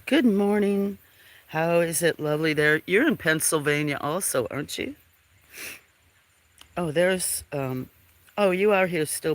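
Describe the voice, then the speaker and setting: With birds chirping around him, a livestream host talks through a casual outdoor farm stream in a voice that's on the high side and a bit bright. He's friendly and rambling, sniffles a little, calls out viewers from chat by name, and now and then lowers his voice to a whisper.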